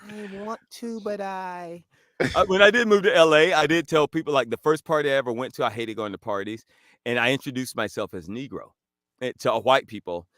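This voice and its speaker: A man's voice: medium pitch, quick pace, dry recording, studio quality. A man guesting on a podcast, telling playful, provocative stories in casual chat. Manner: animated storyteller, playful and provocative. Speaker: guest actor.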